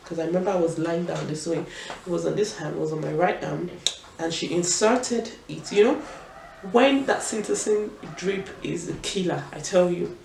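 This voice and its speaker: A young Nigerian woman telling a personal story in a vlog, in an animated and emphatic way. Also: fairly low pitch, vocal fry. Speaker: vlogger. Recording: roomy echo, distant mic, faint room noise.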